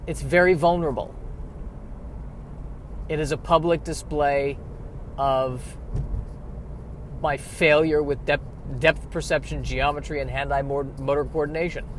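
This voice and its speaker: A man's voice: on the high side, fairly even intonation, a little slow, long pauses, a little hiss or hum. Rambling self-mocking man outdoors. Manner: self-deprecating, riffs with rising exasperation. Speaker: vlogger. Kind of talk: rambling comic monologue.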